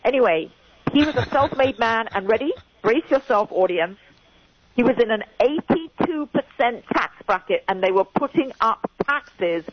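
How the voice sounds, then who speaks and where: A woman's voice: fairly high pitch, lively intonation, normal speed, breathy edge. An older woman in her sixties with an English accent, a guest in a casual radio chat who talks emphatically and repeats her key points. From England. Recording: dull radio or phone audio.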